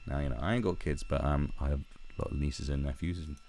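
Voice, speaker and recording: A man's voice: rumbling low, quick pace, a little mellow. A man giving a profane, mocking, rambling commentary as the host of his own vlog. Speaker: online commentator.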